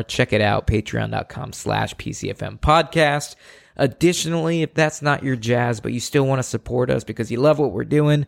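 A man hosts a casual podcast in a gravelly, fry-laden voice. His pitch sits in a middle range. He is upbeat and jokey, as if plugging the show to friends. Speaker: podcast co-host.

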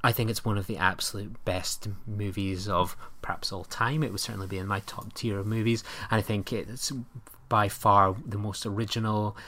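A man's voice: on the low side, steady tone, moderate pace, bright, forceful tone. A Scottish man co-hosting a podcast, chatting enthusiastically about films with plenty of fillers. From Scotland. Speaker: podcast co-host. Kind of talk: casual film chat.

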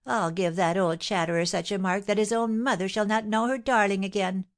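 A woman voicing a shrill, vindictive middle-aged porter's wife who screams and scolds. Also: steady tone, fairly quick, natural voice. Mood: shrill scolding.

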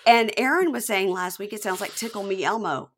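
A woman's voice: mid-range voice, fairly quick, a bit bright. A woman in her forties co-hosting a casual chat, recapping a reality show and acting out quotes in exaggerated voices. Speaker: podcast co-host.

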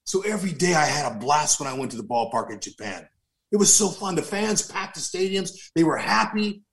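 A former baseball player in his fifties tells a long story in an animated, laughing way, throwing in asides. His voice sits a little high for a man. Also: brisk. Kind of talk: storytelling interview.

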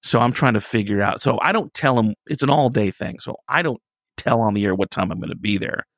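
A man telling a story on a radio talk show, in a casual, animated way, laughing through it. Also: mid-range voice, a little fast, no echo, studio quality.

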